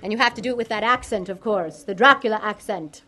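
A woman's voice: medium pitch, fast talker. Playful woman school nurse. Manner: playful, animated. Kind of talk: teaching children.

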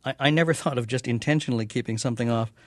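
A man's voice: medium pitch, rapid-fire, no echo, studio quality. An older man interviewing a guest, asking chatty, wry questions and laughing easily. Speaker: interviewer, TV critic.

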